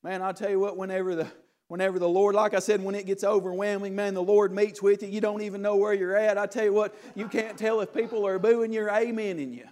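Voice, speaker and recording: A male preacher with a strikingly high-pitched voice delivers a sermon to his congregation. He builds to loud, emphatic shouts, then drops back into conversational asides peppered with "hey" and "I tell you what.". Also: level tone, fast.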